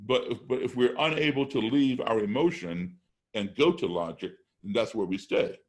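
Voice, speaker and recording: Expressive and at a moderate pace, this medium-pitched voice belongs to a middle-aged American podcast guest telling a story. He drives his points home emphatically, one step after another, and acts out scenes from a classroom.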